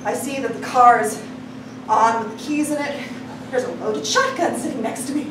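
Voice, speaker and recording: A woman's voice: fairly high pitch, moderate pace. A woman telling a personal story to a live audience, acting out the voices of the people in it and laughing often. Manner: animated, acts out quoted voices, laughing often. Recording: echoey room, distant mic, noisy.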